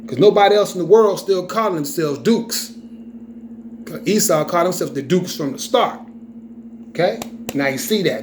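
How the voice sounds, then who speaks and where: This religious teacher, a man whose voice sits on the high side, delivers scripture informally and with emphasis, repeatedly asking "okay?" to check in with his listener. Slight background noise can be heard.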